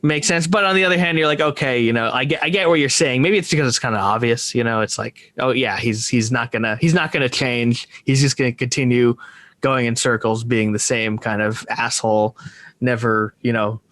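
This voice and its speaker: A man's voice: mid-range voice, fairly quick, fairly bright tone. A man co-hosting a podcast, musing about films in casual chat, often restarting his sentences and trailing off. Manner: rambling, full of restarts and hesitations. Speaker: podcast co-host. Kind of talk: casual film discussion.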